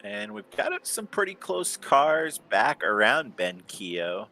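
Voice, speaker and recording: Male commentator, unhurried delivery, bright tone, easygoing. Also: medium pitch, big pitch swings. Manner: unhurried, easygoing, plugs the channel. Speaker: sim racing commentator. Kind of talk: casual esports race commentary.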